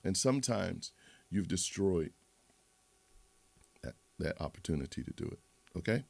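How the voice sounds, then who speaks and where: A man's voice: sits low, expressive, measured pace, vocal fry, a little mellow, no room sound. A man hosting a livestream, rambling and moralizing in a casual monologue with many restarts. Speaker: livestream host.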